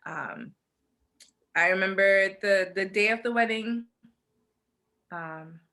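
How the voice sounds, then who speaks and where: A young woman co-hosts a casual podcast chat, telling her story in an animated way and acting out the lines other people said. Her voice is bright and forceful, with a mid-range pitch. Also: slow. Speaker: podcast co-host.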